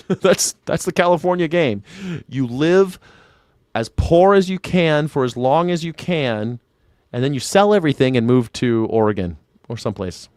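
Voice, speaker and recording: A man's voice: a little high, animated, moderate pace, a little mellow, no echo, studio quality. A man doing casual livestream commentary, rambling and profane as he answers viewers by name. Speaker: independent news and culture commentator. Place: home in Southern California.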